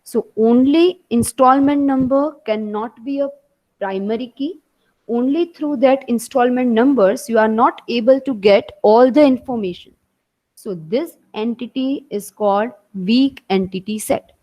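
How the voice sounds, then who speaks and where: A woman with an Indian English accent teaches an online class, talking through each point and repeating it. Her voice sits a little high. She speaks into a computer mic. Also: a little slow, highs cut off. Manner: explains step by step, repeats points.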